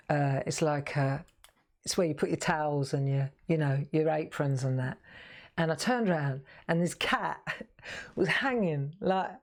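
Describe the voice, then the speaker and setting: A woman's voice: deep voice, darkish tone. A middle-aged woman, chatting casually and laughing often while demonstrating crafts on a live stream.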